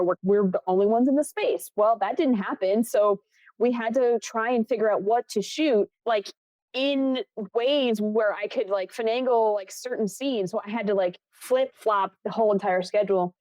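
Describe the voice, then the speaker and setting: Animated young woman telling a story. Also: mid-range voice, moderate pace, dry recording. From Buffalo, New York. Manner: animated, acts out quoted voices, laughs often. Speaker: film assistant director, podcast guest. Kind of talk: casual storytelling interview.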